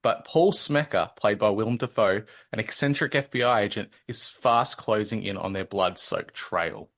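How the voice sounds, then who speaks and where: A man's voice: on the low side, normal speed, fairly bright tone. A man in his thirties with an Australian accent, hosting a podcast in a joking, laid-back manner. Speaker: podcast host. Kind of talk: casual podcast chat.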